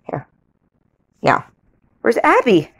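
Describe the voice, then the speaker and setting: A mother coaxing her toddler with slow, sing-song questions. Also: fairly high pitch, huge pitch swings, husky.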